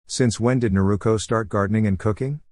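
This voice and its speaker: A shy, lovestruck young girl ninja, read out by a man narrating a story. She hesitates and stumbles over her words, in a fairly low voice. The recording is dry and close. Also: animated, a little slow, dry recording. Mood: nervous.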